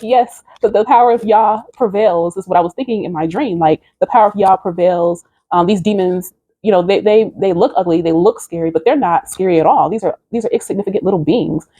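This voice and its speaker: A woman recounts a dream in an earnest, preaching manner, speaking in a mellow, darkish voice set a little low. The sound is dry and close, with no room around it. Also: dry recording. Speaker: video creator. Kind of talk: recounting a dream, spiritual vlog.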